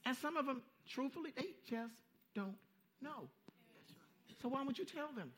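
High bright-voiced guy preaching, folksy, keeps repeating lines, goes quiet then loud. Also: expressive, moderate pace. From Southern California. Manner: emphatic, repeats phrases for effect, swings from hushed to loud; folksy street-style preaching. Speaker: pastor. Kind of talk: sermon.

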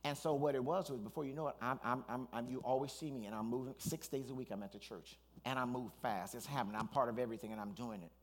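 A man, a pastor, preaching a sermon in an animated storytelling way, with asides and restarts. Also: medium pitch, fast talker, hardly any pauses.

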